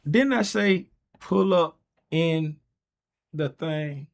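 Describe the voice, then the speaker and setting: A man's voice: fairly high pitch, drawn-out words, gravelly. A man hosting a casual trading livestream, bantering and teasing his viewers in a loose, playful way.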